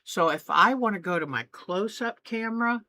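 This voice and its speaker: A woman's voice: mid-range voice, expressive, moderate pace, pushed and bright. A woman hosting a craft video, chatting eagerly and often trailing off mid-sentence. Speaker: craft channel host. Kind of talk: casual crafting tutorial.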